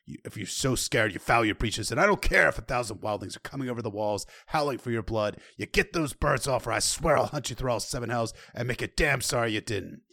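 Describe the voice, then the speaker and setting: A man playing a gruff old commander. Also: mid-range voice, brisk, hardly any pauses, bright, forceful tone, no echo, clean studio sound. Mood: angry. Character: gruff old male military commander, stern and threatening.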